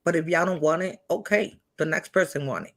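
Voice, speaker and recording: A woman on a livestream chat who talks in an animated, preachy and emphatic way, with a faint hiss of background noise. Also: deep voice, fairly quick. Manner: animated, preachy and emphatic, says she feels hyper.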